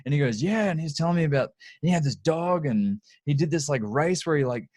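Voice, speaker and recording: A man's voice: on the high side, a little fast, a little mellow, no echo, clean studio sound. A middle-aged man hosting a podcast, chatting with enthusiasm, laughing often and telling anecdotes. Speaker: podcast host. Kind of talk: casual interview chat.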